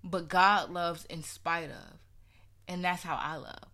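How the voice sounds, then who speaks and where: A woman's voice: lowish voice, fairly even intonation, slow, bright, forceful tone. A young woman sharing her personal faith story in an earnest, conversational way, with many casual fillers.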